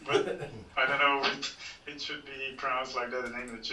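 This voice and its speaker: A man's voice: mid-range voice, little pitch movement, normal speed, bright, forceful tone, a little hiss or hum. Laid-back male developer guest, non-native. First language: Russian. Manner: laid-back, laughs easily. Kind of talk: casual interview answers. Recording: dull, roomy, distant sound with music.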